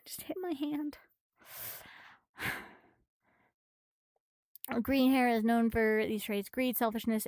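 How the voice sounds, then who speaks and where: A woman streaming a casual manga recap, excitable and swearing freely, a little out of breath. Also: on the high side, clean tone, no echo.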